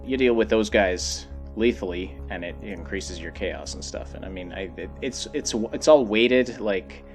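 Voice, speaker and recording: Young male guest, lower voice, halting game chat over faint music. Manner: hesitant, restarting phrases. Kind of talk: casual game discussion.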